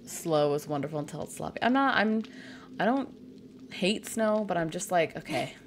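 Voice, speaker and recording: A woman's voice: fairly low pitch, lively intonation, normal speed, a little hiss or hum. A woman from Canada chatting casually and making crude jokes while playing a game on a live stream.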